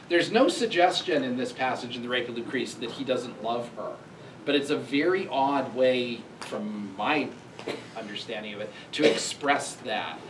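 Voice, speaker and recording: A man's voice: mid-range voice, fairly bright tone, a little hiss or hum. A man giving a conversational university lecture, thinking aloud and reading quoted lines with emphasis. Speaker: professor giving a public lecture. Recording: echoey hall recorded from far off.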